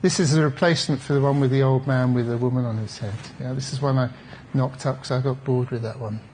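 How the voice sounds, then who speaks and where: A man's voice: medium pitch, steady tone, fast talker, a little mellow, slight background noise. A man, a therapist, giving a conference talk in a reflective, conversational way with wry asides to the audience. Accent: British English.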